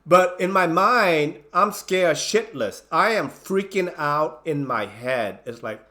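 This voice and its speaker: A man telling a funny personal story in a casual, animated way. He stumbles through restarts and fillers and slips into the voices of people in the story. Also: a little high, takes it slowly. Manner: animated, acts out his own panicked lines; many fillers and restarts, non-native grammar. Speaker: channel host telling a story.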